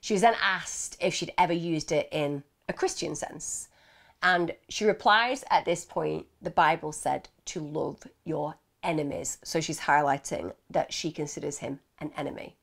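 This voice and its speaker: Woman, 30s, true crime host, low gravelly voice, animated and indignant storytelling. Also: normal speed. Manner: animated, indignant, rhetorical questions.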